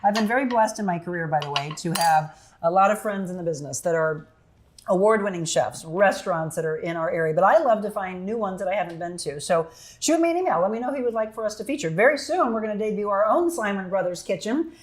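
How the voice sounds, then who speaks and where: A woman's voice: mid-range voice, animated, fast talker. Chatty woman hosting a cooking segment. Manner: upbeat, chatty, laughs often. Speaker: TV show host. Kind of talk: casual cooking segment chat.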